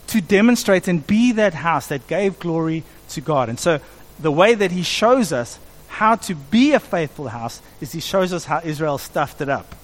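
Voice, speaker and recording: A middle-aged man preaching a sermon in an animated way, acting out quoted voices as he goes. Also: sits high. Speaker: pastor.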